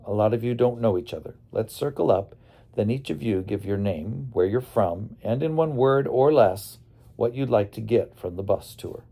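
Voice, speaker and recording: Man doing a tour leader, male, bossy, joking, teacherly, low mellow voice. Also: expressive, moderate pace, creaky. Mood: instructing.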